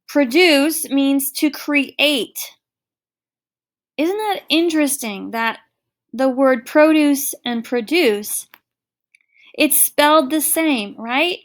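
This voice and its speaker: A woman's voice: fairly high pitch, a little slow. A middle-aged woman teacher giving a recorded online lesson, explaining patiently with everyday examples.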